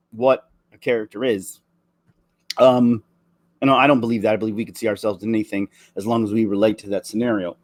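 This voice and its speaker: A man in his forties delivering an earnest, emotional opinion rant, halting and restarting his sentences. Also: lowish voice, darkish tone, dry recording. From Canada. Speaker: vlogger.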